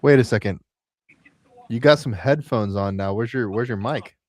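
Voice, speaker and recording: A man's voice: medium pitch, normal speed, darkish tone. A man hosting a podcast in a loose, joking way, full of slang and dude. His voice sits mid-range. He talks in casual chat with his guests. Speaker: podcast host.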